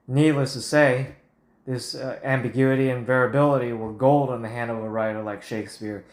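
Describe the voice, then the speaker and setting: A man's voice: mid-range voice, steady tone, a little fast. A man reading a prepared talk aloud as a Bible teacher, in a blunt and combative way. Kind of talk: scripted talk on Bible versions. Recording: roomy echo.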